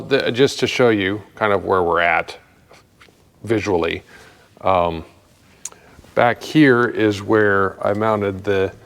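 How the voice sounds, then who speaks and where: A man's voice: on the low side, big-room sound. A man walking through his progress on a customer's truck in his workshop, thinking aloud with lots of fillers and dry, self-mocking jokes. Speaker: mechanic working on a customer's truck. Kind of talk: casual workshop walkthrough.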